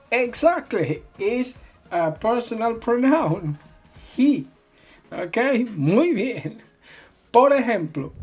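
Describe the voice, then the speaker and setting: Slow, patient woman teacher. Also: fairly high pitch, darkish tone, breathy edge. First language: Spanish. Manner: slow, patient explaining with repeated example phrases. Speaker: Spanish teacher. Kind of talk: online language lesson.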